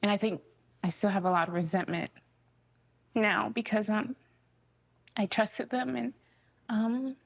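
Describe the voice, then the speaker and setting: A tearful young woman giving an emotional personal testimony, speaking haltingly with many fillers. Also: mid-range voice, fairly even intonation, creaky, dry recording. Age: young adult. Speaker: interviewee.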